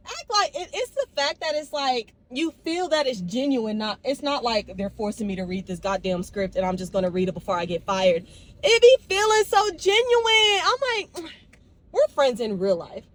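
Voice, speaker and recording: A woman's voice: high voice, fairly quick, rough recording. A woman in her twenties talking casually and expressively to her viewers in a vlog, recorded on a phone while out running errands. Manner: chatty, expressive, talks straight to viewers. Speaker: vlogger.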